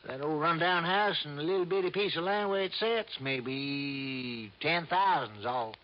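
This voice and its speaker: A man's voice: fairly high pitch, a little slow, dull audio, natural voice. A man playing a drawling small-town lawman. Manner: drawling, folksy. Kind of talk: 1950s radio drama acting.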